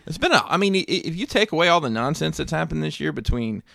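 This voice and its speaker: Gravelly man in his forties chatting. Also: a little high, quick pace, dry recording, studio quality. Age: 40s. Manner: relaxed, rambling, self-correcting. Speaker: podcast co-host. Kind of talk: casual chat.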